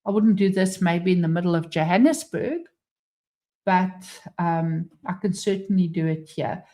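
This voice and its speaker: A South African woman with a South African English accent hosts a casual livestream from home, where the front door is open. Her voice is on the low side, dark-toned and unhurried, with fairly even intonation. She chats, laughs often and reads viewer comments aloud.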